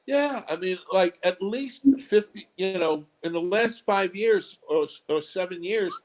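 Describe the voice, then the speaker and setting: A man, a comedy club owner and guest, talking in a casual interview in a measured, thoughtful way. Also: high-pitched, lively intonation, rough recording.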